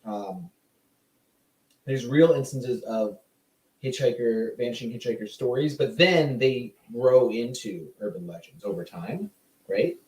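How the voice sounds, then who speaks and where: A man's voice: medium pitch, expressive, unhurried, darkish tone, echoey room, recorded from a distance, poor audio. A man co-hosting a podcast, telling a ghost story in a rambling, jokey, casual way. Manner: rambling, jokey, laughs often. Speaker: podcast co-host.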